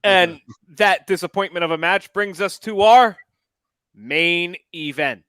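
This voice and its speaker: A man's voice: high-pitched, unhurried, a bit bright, clear, resonant tone, no room sound. A man co-hosting a casual wrestling podcast, dry-humored and moving the talk along. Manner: dry, segues between topics. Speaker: podcast co-host. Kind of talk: casual chat.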